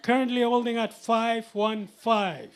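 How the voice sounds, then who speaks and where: A man's voice: very high voice, unhurried, clean tone, some chatter behind. A man running a live charity auction at a public event, calling out bids in a jovial, teasing way.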